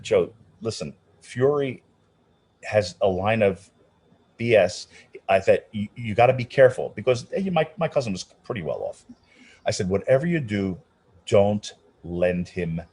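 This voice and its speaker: Husky middle-aged man telling stories. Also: fairly low pitch. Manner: animated storyteller, many restarts, acts out quoted voices. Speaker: opera singer, interview guest. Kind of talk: casual storytelling interview.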